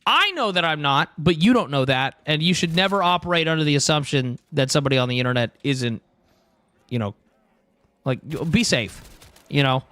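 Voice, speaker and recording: A man's voice: on the high side, animated, normal speed, a bit bright, dry recording. A young man streaming live who rambles casually, swears freely and keeps saying "dude" and "bro". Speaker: livestreamer.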